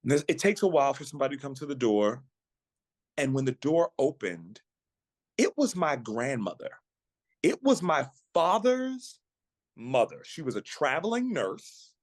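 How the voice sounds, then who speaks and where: A man on a podcast, earnestly telling a personal story of faith in a reflective way, slowing down at the emotional moments. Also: mid-range voice, big pitch swings, no room sound. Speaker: guest, actor and singer.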